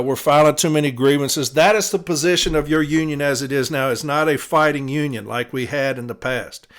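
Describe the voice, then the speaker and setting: A man, a city letter carrier hosting a podcast, delivering a blunt, profane, fired-up monologue while tired. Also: on the high side. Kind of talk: casual opinion monologue.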